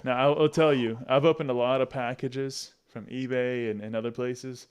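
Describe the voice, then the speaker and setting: A man's voice: medium pitch, fairly even intonation, normal speed, clean tone. A middle-aged man hosting a casual unboxing chat, upbeat and chatty, laughing often. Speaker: channel host.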